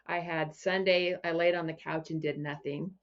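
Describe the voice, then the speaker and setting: A woman business coach and podcast guest, telling stories in a relaxed way and often restarting her phrases. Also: low-pitched, moderate pace, muffled recording. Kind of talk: casual interview chat.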